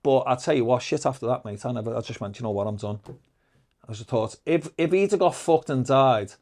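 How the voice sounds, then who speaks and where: A man's voice: medium pitch, fairly quick, a little mellow. A man with a Liverpool accent, a podcast guest telling stories in casual, heavily sworn talk, acting out the exchanges he quotes. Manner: heavy swearing, acts out quoted exchanges. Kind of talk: casual storytelling.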